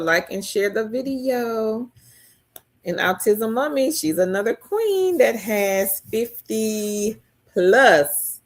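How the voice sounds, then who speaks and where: Slow-talking woman hosting a live chat. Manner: reads viewer comments aloud and answers them, chatty; pitch leaps high when excited. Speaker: live stream host. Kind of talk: casual live-stream chat.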